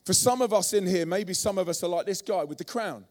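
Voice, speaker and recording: Animated preacher in his forties. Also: sits high, fairly quick. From London, England. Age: 40s. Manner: animated storytelling, acting out voices. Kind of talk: sermon.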